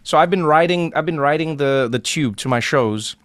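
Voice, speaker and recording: A man hosting a casual podcast chat, a playful and animated storyteller who acts out the people he talks about. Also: on the high side, moderate pace, dry recording, clean studio sound. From South Africa. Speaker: podcast host.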